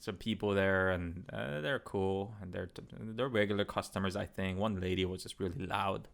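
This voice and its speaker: Bright-voiced 30s guy rambling thru a travel story, swears a lot, super laid back. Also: sits low, normal speed, creaky. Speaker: travel vlogger. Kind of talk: casual storytelling narration.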